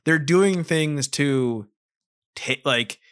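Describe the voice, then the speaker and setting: A man in casual podcast chat, trading sarcastic jokes with a co-host. His voice sits a little high, and he swears offhandedly as he riffs on a movie. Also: drawn-out words, fairly bright tone, clean tone. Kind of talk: casual chat recapping a film.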